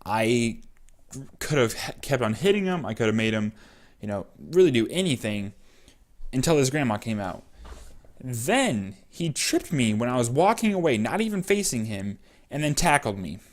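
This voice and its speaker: A young man tells a personal story in a casual vlog. He rambles and fills his sentences with "like" and "um". His voice sits at an ordinary middle pitch. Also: big pitch swings, normal speed. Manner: rambling with many fillers. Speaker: vlogger.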